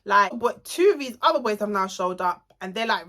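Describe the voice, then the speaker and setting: Bright-voiced young woman. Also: mid-range voice, fairly quick, few pauses. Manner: animated, emotional, swearing. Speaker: vlogger. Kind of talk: storytime vlog.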